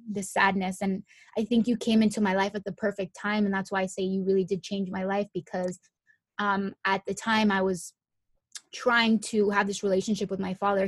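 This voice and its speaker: A young actress from Miami, appearing as a guest, shares an emotional personal story in a chatty style packed with "like" and restarts. Her medium-pitched voice grows animated and excited as she retells it, recorded in studio quality with no echo.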